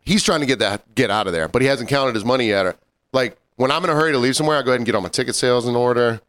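Smooth-voiced man in casual chat. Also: medium pitch, very fast, fairly bright tone. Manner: laid-back, chiming in with short agreements. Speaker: podcast co-host.

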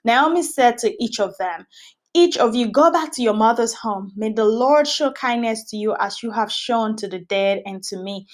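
A woman's voice: on the high side, moderate pace. A woman hosting a Bible study podcast, reading scripture aloud and teaching in a casual, earnest way, often repeating phrases for emphasis.

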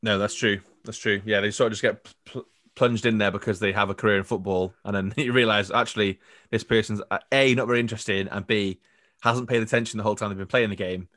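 A man's voice: lowish voice, steady tone, quick pace, a bit bright, no echo, clean studio sound. A man co-hosting a podcast, chatting casually about football, laughing often and trailing off into fillers. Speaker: podcast co-host. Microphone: remote video call.

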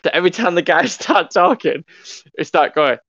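A man's voice: a little high, expressive, normal speed, fairly bright tone, dry recording. A young man telling funny stories in a casual chat with friends, laughing often. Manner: laughing, storytelling, profane banter. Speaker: podcast co-host. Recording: dull, lo-fi sound.

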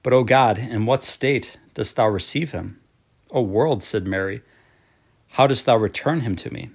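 A man reading a devotional book aloud in a slow, measured, solemn manner. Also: medium pitch, vocal fry, breathy edge.

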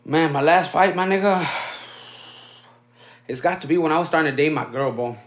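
A man's voice: fairly high pitch, moderate pace. A man in his thirties telling stories in casual chat, laid-back and slangy, dropping in Spanish filler words. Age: 30s. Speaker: podcast host. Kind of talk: casual storytelling.

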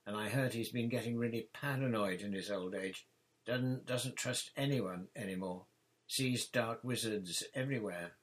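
Brief: relaxed young male wizard, read by a man, explanatory, low voice. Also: normal speed, natural voice. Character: easygoing young adult male wizard, informative.

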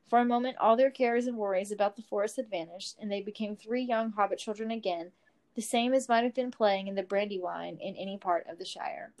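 A woman's voice: mid-range voice, a little mellow. Woman reading a story aloud. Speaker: story reader. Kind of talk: reading fan fiction aloud.

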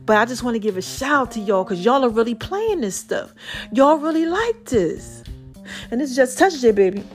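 Animated New York woman podcaster. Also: a little high, moderate pace, faint music behind. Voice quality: animated, drawling, breaks into song. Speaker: podcast host. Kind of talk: casual motivational monologue.

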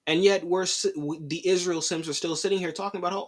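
A man's voice: high-pitched, fast, hardly any pauses. A young man hosting a solo opinion podcast, exasperated and casual, with slangy talk and repeated lines. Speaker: podcast host.

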